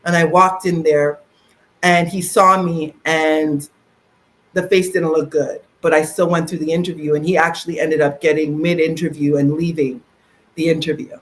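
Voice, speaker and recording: A middle-aged woman from Canada, a podcast guest telling her own story in a lively conversational way. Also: deep voice, normal speed. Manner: animated, acts out quoted voices.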